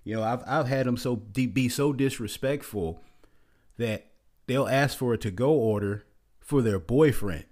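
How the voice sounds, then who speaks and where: A man's voice: medium pitch, measured pace, darkish tone. A man giving a blunt, exasperated rant in a casual commentary, often repeating himself and restarting his sentences.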